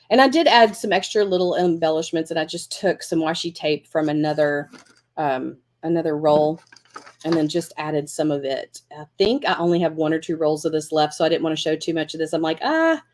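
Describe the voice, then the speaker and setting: A woman hosting a live crafting lesson, chatting encouragingly and thinking aloud as she works. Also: low-pitched. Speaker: craft class host.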